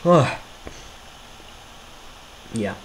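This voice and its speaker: A man's voice: drawn-out words, a bit bright, slight background noise, rough recording. A man giving casual, rambling commentary over his own homemade video series, often apologetic and self-deprecating.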